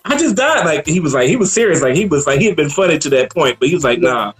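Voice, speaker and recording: A man co-hosting a casual movie review chat, relaxed and laughing often as he acts out lines from the film. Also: on the high side, rapid-fire, soft background music.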